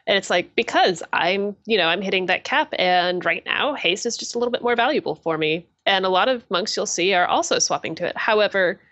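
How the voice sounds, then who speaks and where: A woman's voice: mid-range voice, animated, brisk, few pauses, a bit bright, dry recording. A woman explaining game mechanics confidently in a casual podcast chat.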